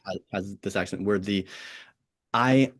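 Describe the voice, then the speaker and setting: American man hosting a chatty podcast. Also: fairly low pitch. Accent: General American. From United States (Pennsylvania, Oregon). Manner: halting, many restarts, laughs easily. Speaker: podcast host. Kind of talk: casual chat.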